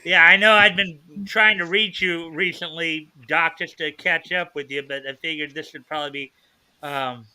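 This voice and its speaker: A man's voice: fairly high pitch, steady tone, normal speed, pushed and bright, clean tone, low-quality recording. A man joining a casual stream chat, talking hesitantly and restarting his words. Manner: hesitant, stumbling over words.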